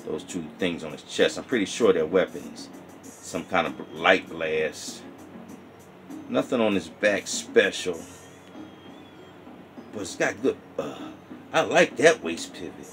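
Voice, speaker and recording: A man's voice: sits low, animated, slow, pauses often, fairly bright tone, faint music behind. A man casually chatting through a toy review vlog, rambling and heartfelt. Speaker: toy collector vlogger.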